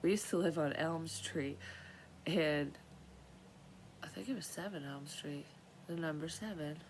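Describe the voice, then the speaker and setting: Woman, low voice, casual rambling monologue, swears freely, slight hiss. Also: a little slow, poor audio. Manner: rambling, profane, trailing off and restarting. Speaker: vlogger sharing dream readings.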